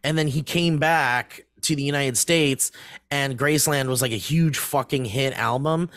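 A man's voice: medium pitch, measured pace, a bit bright, dry recording, studio quality. A man in his thirties co-hosting a podcast, rambling through a casual story with plenty of swearing and laughter. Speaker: podcast co-host. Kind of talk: casual chat.

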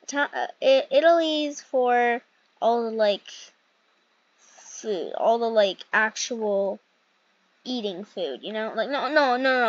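Young woman rambling thru a roblox roleplay, slow talker, kinda high, dry dull mic. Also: dry recording. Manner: chatty, rambling, self-correcting. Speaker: gaming channel host. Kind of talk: casual game role-play commentary.

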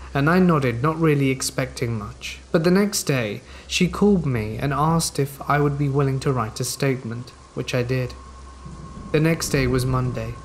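A man narrates a scary story in a steady, measured way, his voice sitting at an ordinary middle pitch. Soft rain patters faintly underneath. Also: a little hiss or hum, rough recording. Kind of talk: scripted narration.

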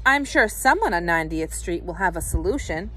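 A woman's voice: on the low side, expressive, a little fast, fairly bright tone, a little hiss or hum. A woman voicing a glamorous female soap opera star in a storybook reading, putting on a fake English accent with a gushing, grand manner. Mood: soothing.

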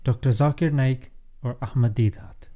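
A man's voice: medium pitch, moderate pace, dark tone. A man hosting an interview, asking playful questions in a jokey, teasing way. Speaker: host.

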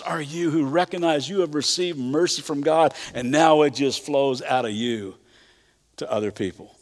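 A man's voice: a little high, moderate pace. A middle-aged man with a Kentucky accent, preaching a sermon in a folksy, conversational way with frequent stammered restarts. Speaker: pastor. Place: church auditorium. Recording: church hall reverb.

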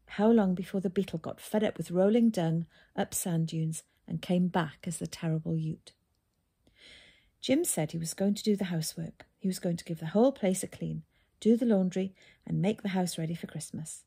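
A woman reads a children's book aloud with steady, calm storytelling. Her voice sits low and mellow, with a soft husky edge. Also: normal speed. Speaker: narrator.

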